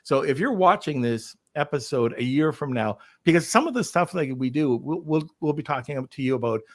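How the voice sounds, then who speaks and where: A man's voice: fairly high pitch, lively intonation, fairly quick, dry recording, clean studio sound. A man hosting a podcast, chatting casually and upbeat with lots of fillers over a remote call. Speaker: podcast host.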